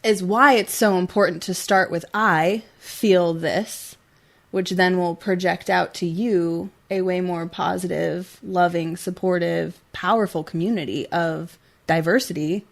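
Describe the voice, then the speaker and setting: A woman's voice: on the low side, fairly even intonation, a little slow, vocal fry. Earnest young woman talk-show co-host. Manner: earnest, many "like" fillers, gets emotional. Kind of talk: casual heartfelt talk-show chat.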